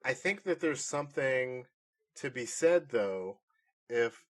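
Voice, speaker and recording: A man co-hosting a podcast, chatting casually through a movie review in a rambling, animated way and laughing often. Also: mid-range voice, slow. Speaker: podcast co-host.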